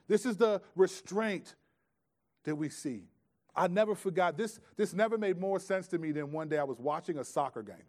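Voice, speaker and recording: Fairly high-voiced male preacher. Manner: conversational preaching, swings from loud emphasis to hushed asides. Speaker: pastor. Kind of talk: sermon.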